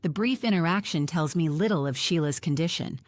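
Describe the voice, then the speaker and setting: Low-voiced woman reading an audiobook. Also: expressive, a little fast, no room sound, clean studio sound. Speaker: audiobook narrator. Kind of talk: first-person scripted narration.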